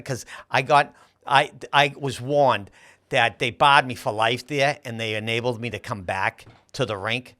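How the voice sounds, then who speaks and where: A man's voice: mid-range voice, measured pace, sharp tone. A man, a podcast guest telling boastful stories with emphatic restarts. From Massachusetts. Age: 60s. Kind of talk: casual storytelling chat.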